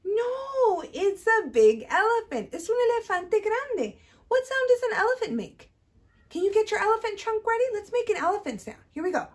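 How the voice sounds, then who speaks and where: A children's librarian reads a bilingual storytime for small children, switching between English and Spanish. Her very high voice swings widely in pitch, sing-song and exaggerated, at normal speed.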